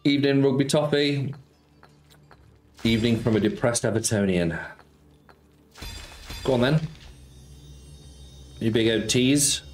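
A chatty man hosts a live slots stream, calling out viewers' names and bantering about football. His voice sits at an ordinary, mid-range pitch for a man. Soft music plays faintly underneath. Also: measured pace, pauses often. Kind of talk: casual live-stream chat.

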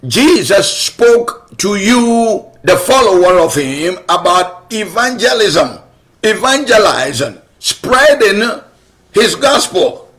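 Guy preaching a sermon, high voice, slow and emphatic, keeps repeating himself. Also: big pitch swings, a bit bright. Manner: emphatic, repetitive preaching with rhetorical questions. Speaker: pastor.

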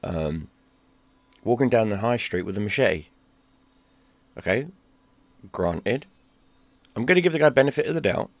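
A man ranting in a heated, profane monologue, dropping to a mutter and then bursting out loud. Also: lively intonation, normal speed, pauses often, no room sound. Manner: heated and profane, swings between low mutter and loud outbursts. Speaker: gaming YouTuber.

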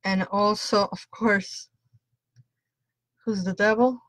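A woman's voice: mid-range voice, steady tone, slow pace, a bit bright, dry recording. A woman tarot reader doing a chatty live-stream reading, greeting viewers by name and laughing often.

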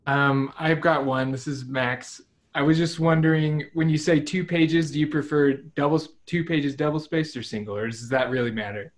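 A man with a somewhat high voice asks a polite, tentative question on a video call. The line carries faint background noise. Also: steady tone, moderate pace. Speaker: prospective student asking a question.

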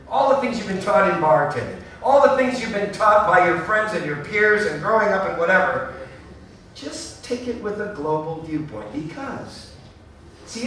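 A man giving a passionate, emphatic stage talk to bartenders at a trade show, swinging from low asides to loud outbursts. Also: distant mic, slight background noise. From Norway. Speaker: speaker at a bar show. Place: large hall at a trade show. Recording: echoey hall, speaker away from mic.

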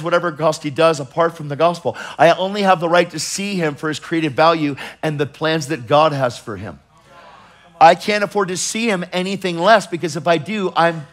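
Emphatic middle-aged male preacher. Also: fairly high pitch. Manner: emphatic, swinging between loud urgency and hushed tones; acts out others in quoted voices while storytelling. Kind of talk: sermon.

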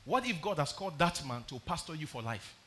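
A pastor preaching a sermon, reading scripture aloud and explaining it, often putting questions to the congregation. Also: male voice, a little high, animated, a little fast, sharp tone, slight background noise. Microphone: streamed live sermon.

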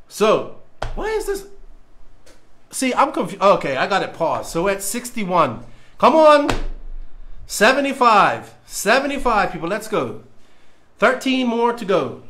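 Man hosting a live stream from his home studio, higher voice with lots of swing in his pitch, joking nervously. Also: fairly bright tone. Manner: nervous, joking, stalling, reading labels aloud. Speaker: podcast host doing a livestream. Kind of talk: casual livestream chat.

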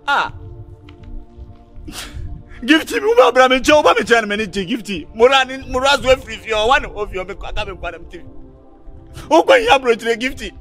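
A heartbroken young lover with a Ghanaian accent, as an actor plays him, wailing and pleading in a very high, swooping voice. His tone is bright and strained, and faint music plays underneath. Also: heavily acted. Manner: wailing, pleading, crying out dramatically. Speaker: actor in a comedy film. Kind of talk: Ghanaian film acting.

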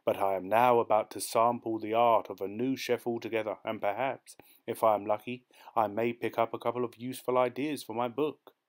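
A man voicing a naive, excitable seventeen-year-old boy who speaks in a fussy, formal way. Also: medium pitch, a little fast, few pauses, lightly acted. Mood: eager.

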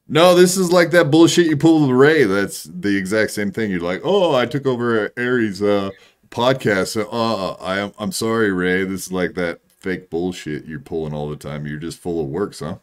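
A man's voice: low-pitched, moderate pace, hardly any pauses. A man calling into a stream, angrily confronting another caller. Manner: confrontational, accusing. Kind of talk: heated call-in argument.

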